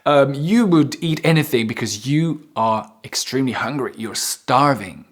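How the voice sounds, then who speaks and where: A man teaching English vocabulary, repeating and stretching key words for emphasis in a playful, expressive way. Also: medium pitch, normal speed. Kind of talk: vocabulary lesson.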